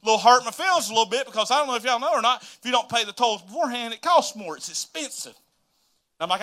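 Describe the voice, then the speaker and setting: Lively pastor telling a story. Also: male voice, high-pitched, quick pace. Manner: animated, dramatic storytelling with quoted asides. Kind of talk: storytelling sermon.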